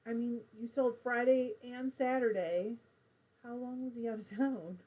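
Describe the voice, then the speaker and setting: Middle-aged woman host, husky and a touch high, relaxed live-stream chatter while knitting. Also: measured pace. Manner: chatty, reads viewer comments aloud while knitting. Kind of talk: casual live-stream chat.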